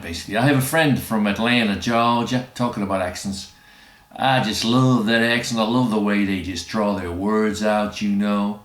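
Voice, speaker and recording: A man telling rambling, chuckling anecdotes in casual chat. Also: on the low side. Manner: rambling, chuckling, doing quoted voices. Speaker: storyteller. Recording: roomy echo.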